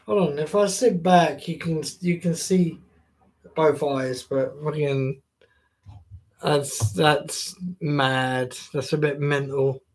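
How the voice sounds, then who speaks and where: A man's voice: a little high, steady tone, measured pace, darkish tone. A man chatting casually to viewers on a live stream, jokey and swearing freely.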